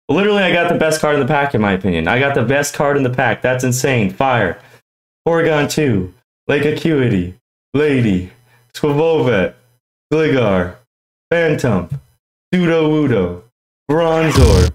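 A young man hosting a casual card-opening vlog, slangy and excitable, tossing "yo" into his talk. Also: mid-range voice, normal speed, echoey room, soft background music, low-quality recording. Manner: excitable, slangy, says "yo" a lot. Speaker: YouTube card-opening host.

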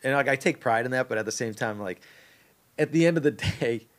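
A man with a Boston accent, a voice actor chatting casually as a podcast guest and often slipping into other voices. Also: mid-range voice. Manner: animated, quick to slip into voices.

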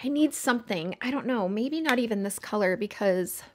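A woman's voice: on the high side, expressive, moderate pace, darkish tone, faint music behind. A woman chatting casually while doing her makeup for a get-ready-with-me video, chatty and self-mocking. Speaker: beauty vlogger.

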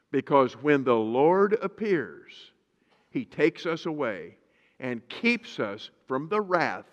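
Animated male preacher in a reverberant hall. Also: medium pitch, lo-fi sound. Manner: lively preaching, reads scripture slowly and emphatically. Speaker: pastor. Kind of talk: sermon. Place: church sanctuary.

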